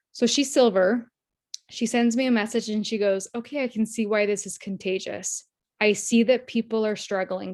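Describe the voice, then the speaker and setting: A woman team leader giving a casual, earnest motivational talk on a video call, telling stories and acting out quoted lines. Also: fairly high pitch. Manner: chatty, earnest, storytelling with quoted voices.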